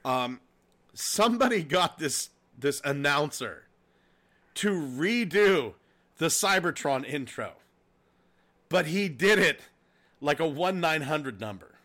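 A man with a bright, forceful and fairly high voice hosts a casual podcast chat. He tells stories animatedly, swears freely and laughs often, over a home podcast mic. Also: slow, pauses often. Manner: profane, laughing, animated storytelling. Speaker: podcast host.

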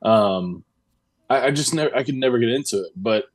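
A man's voice: medium pitch, animated, a little fast, breathy edge, dry recording. A man in his thirties co-hosting a podcast, rambling casually with lots of fillers and swearing. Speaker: podcast co-host. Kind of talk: casual chat.

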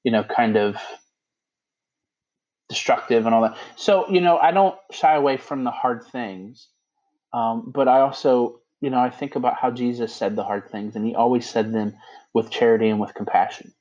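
A man who is a Catholic priest, chatting casually as a podcast guest, laughing easily and filling pauses with "you know.". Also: mid-range voice. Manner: laughs easily, animated, lots of fillers. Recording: slightly dull lo-fi sound.

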